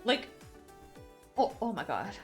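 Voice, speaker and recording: A woman streamer chatting casually, animated and giggly, who swears freely as she retells a story. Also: mid-range voice, slow, soft background music. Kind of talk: casual chat.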